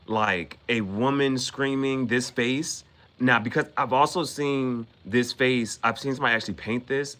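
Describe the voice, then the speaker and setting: A man's voice: fairly low pitch, a bit bright. A man hosting an anime reaction channel, recapping an episode in a rambling casual way, repeating himself and quoting characters in slang.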